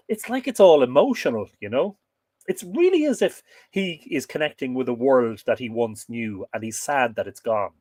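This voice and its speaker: A man's voice: mid-range voice, darkish tone, no room sound. A man with an Irish accent hosting a livestream, chatting casually and enthusiastically with viewers and laughing often. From Ireland. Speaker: livestream host. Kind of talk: casual livestream chat, reading viewer comments.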